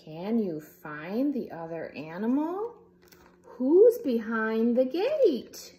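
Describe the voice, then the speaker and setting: A woman with a high, bouncy voice that swoops up and down reads a picture book aloud for little children. She takes her time and plays with the animal noises. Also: sing-song, takes it slowly, warm tone. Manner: playful, makes animal sounds. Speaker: storybook reader.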